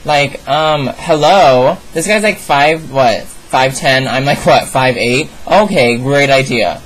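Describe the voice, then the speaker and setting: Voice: medium pitch, slow, a bit bright, poor audio. A young adult vlogger telling a story in an exasperated, sassy rant with plenty of asides.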